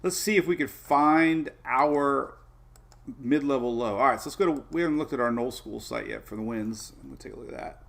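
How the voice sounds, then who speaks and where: The host of this easygoing live weather show is a man with a mid-range voice and vocal fry who talks fairly quickly, rambling over the maps with bursts of excited asides.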